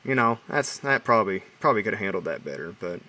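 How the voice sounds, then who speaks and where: A man chatting on a film podcast, talking in a loose, hesitant way full of restarts and fillers. His voice is bright and forward, and he sits a little back from the microphone. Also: lowish voice, big pitch swings, quick pace, recorded from a distance, a little hiss or hum. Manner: rambling, hesitant, many restarts. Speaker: podcast co-host. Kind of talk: casual chat.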